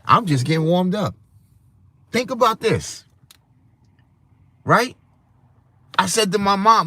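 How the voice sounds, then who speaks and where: A man's voice: high voice, expressive, slow, long pauses, sharp tone, dry recording. A man hosting a livestream, talking in a preachy, rambling way and often speaking to his chat. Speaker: livestream host. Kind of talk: casual livestream rant.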